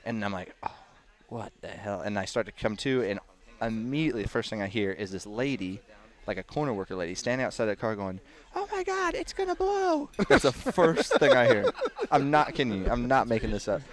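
A middle-aged man, a racing driver, telling a story in casual chat with lively voices for the people in it. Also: lowish voice, fairly quick, few pauses. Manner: animated, acts out voices of others, laughs through story.

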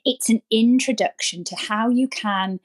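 A woman's voice: fairly high pitch, a little slow. A woman, a nursery founder, chatting energetically as a podcast guest and repeating words for emphasis. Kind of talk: casual interview chat.

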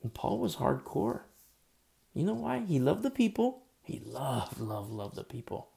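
A pastor giving a conversational sermon, reading scripture aloud and explaining it, with frequent "you know" fillers. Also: male voice, medium pitch, very animated, measured pace, vocal fry, warm tone. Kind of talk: expository sermon.

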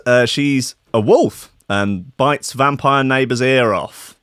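A man's voice: medium pitch, slow pace, a bit bright, no room sound, clean studio sound. A man hosting a radio show, talking in a rambling, sweary, comic way with trailing asides.

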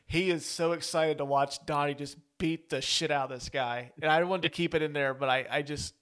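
A podcast co-host with a slightly high, somewhat bright voice chats casually about a film. He's talkative and tends to wander off on tangents during this relaxed movie-review conversation.

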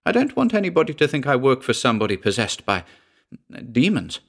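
A man voicing a fussy, indignant middle-aged housekeeper with a sharp, scolding way of talking. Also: medium pitch, big pitch swings, brisk, gravelly, voice pushed up.

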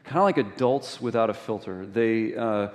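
A middle-aged man preaching a sermon in a conversational, animated storytelling way, full of rhetorical questions. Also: on the low side, moderate pace. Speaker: pastor. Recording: long reverb of a large hall.

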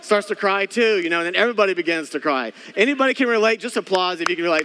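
A pastor in his thirties preaches in a loose, joking way and keeps calling out to the people in front of him. His voice sits high for a man. The sound has a long reverb tail, like a big church hall. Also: lively intonation, very fast, few pauses, sharp tone, a faint crowd, a little hiss or hum. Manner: casual, joking, talks to the congregation directly. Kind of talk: sermon.

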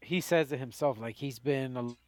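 A man co-hosting a morning show, talking in playful, quick casual banter and laughing often. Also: medium pitch, darkish tone, dry recording. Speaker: show co-host.

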